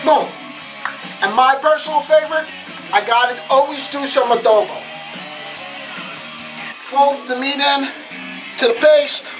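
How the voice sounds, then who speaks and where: A woman hosting a cooking lesson at home, chatty and upbeat, talking viewers through each step with frequent exclamations. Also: low-quality recording. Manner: chatty, upbeat, often exclaims "boom" and asks "okay?". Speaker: cooking show host. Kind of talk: casual cooking demonstration. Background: guitar music.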